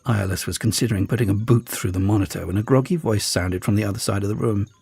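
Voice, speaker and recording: A man narrating an audiobook in a lively, expressive way. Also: fairly low pitch, fast, gravelly, slightly rough, no echo, faint music behind. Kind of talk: scripted narration.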